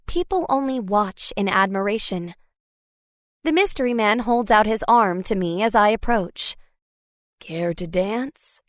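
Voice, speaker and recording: A woman tells a first-person story in scripted audiobook narration with a higher, light voice. Her delivery is expressive and wry. The recording is dry and close, with no room around her. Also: no echo.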